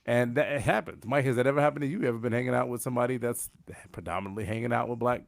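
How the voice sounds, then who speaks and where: A man's voice: mid-range voice, racing, creaky, dry recording. A man hosting a casual group podcast, prodding his guests with question after question. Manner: prodding, asks many questions. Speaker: podcast host.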